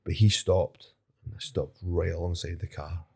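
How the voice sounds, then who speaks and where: A Scottish man with a fairly low voice spins casual stories on a podcast as its guest. He talks in animated, unfiltered bursts, swearing freely as he goes. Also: normal speed, vocal fry, husky. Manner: animated anecdotes, heavy swearing. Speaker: podcast guest, pro fighter. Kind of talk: casual storytelling.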